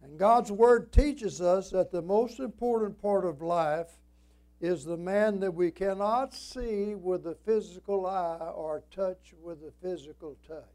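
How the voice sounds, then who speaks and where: Preaching at an evening service, a high-pitched man speaks slowly and deliberately in a strong preacher's rhythm that alternates emphatic rises with quiet drops.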